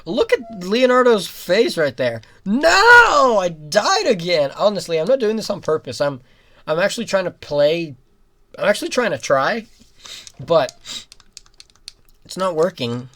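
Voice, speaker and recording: A young adult giving rambling let's-play commentary, breaking into giggles and sudden loud outbursts at the game. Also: mid-range voice, big pitch swings, a little slow, pauses often. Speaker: gaming commentator.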